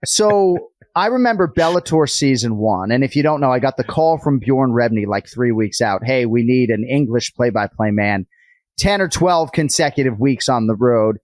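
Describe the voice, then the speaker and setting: A man in middle age hosts a podcast in a thick Boston accent, cracking jokes and needling his co-host. His voice sits at a medium pitch. The sound is dry and close on a studio mic. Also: moderate pace, dry recording. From Boston area, US. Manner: joking, ribbing, lively banter. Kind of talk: casual podcast chat.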